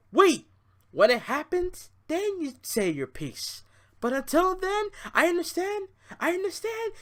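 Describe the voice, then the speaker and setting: A man's voice: sits high, pushed and bright. A young man hosting a podcast, ranting about wrestling fans in a casual, profane, exasperated way. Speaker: podcast host.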